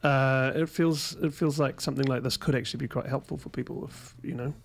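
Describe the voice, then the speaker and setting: A man's voice: medium pitch, steady tone, a little fast, gravelly. A man co-hosting a studio radio interview, speaking in an easygoing, hesitant way with many fillers.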